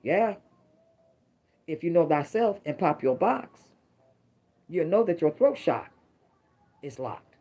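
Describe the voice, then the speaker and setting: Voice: medium pitch, big pitch swings, slow pace, long pauses, dark tone. A middle-aged tarot reader giving a casual, emphatic reading to viewers, full of rhyming catchphrases.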